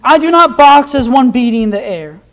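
Young male preacher, very high voice, earnest sermon delivery, pushes harder on scripture readings. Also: lively intonation, normal speed. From Nebraska, USA. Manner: earnest, rises in emphasis when quoting scripture.

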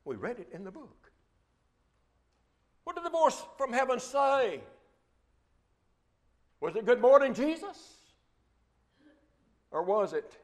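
A man's voice: very high-pitched, fairly bright tone. A man preaching a sermon, reading scripture and asking rhetorical questions with a repeated refrain.

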